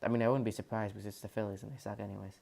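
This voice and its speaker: A man's voice: on the low side, level tone, very fast, vocal fry, a little mellow. A man co-hosting a casual podcast who gives laid-back, teasing replies. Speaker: podcast co-host. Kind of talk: casual chat.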